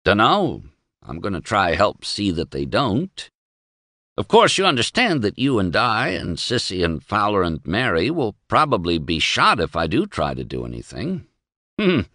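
A wry, sardonic newspaperman, read by a male narrator in his own low voice. His argument rises and drops with animated pitch, recorded dry. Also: moderate pace, no echo, full character voice.

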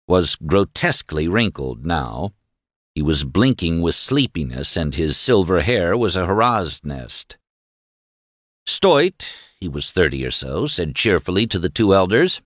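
A man narrating a novel as an audiobook reader, measured and expressive. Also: sits low, dry recording, studio quality. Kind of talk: scripted narration.

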